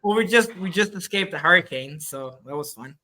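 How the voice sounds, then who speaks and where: Talking a little fast in a high-pitched, expressive voice with a bright, forceful tone, a man from the Cayman Islands guests on a podcast. He's a flag football referee who tells rambling, casual stories and performs his own quoted lines.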